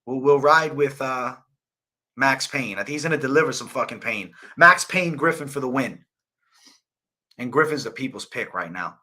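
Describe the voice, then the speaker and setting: Brief: young male host, bright tense tone, loose profane chat about fight picks. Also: medium pitch, animated, normal speed. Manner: casual, profane, slangy. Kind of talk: live fight betting breakdown.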